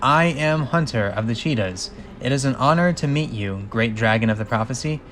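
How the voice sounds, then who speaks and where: A man's voice: medium pitch, lively intonation, normal speed, a bit bright, a little hiss or hum, close to an everyday voice. A man voicing a solemn, formal cheetah warrior.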